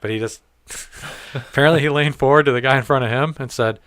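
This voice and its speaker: The voice is mid-range and fairly quick, captured on a dry recording with clean studio sound. A man hosting a podcast relates a story conversationally, cursing often and animatedly acting out what people said.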